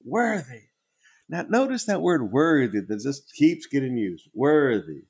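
A man preaching a sermon, emphatic and repetitive, dropping from loud declarations to hushed tones and chuckling between points. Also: medium pitch, very animated, a little slow, slightly rough. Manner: emphatic, repeats words for effect, swings between loud and hushed.

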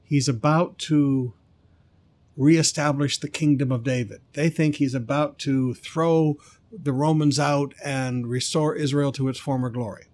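A male pastor preaching a sermon, emphatic, drawing out key words slowly. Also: medium pitch, fairly even intonation, a little mellow.

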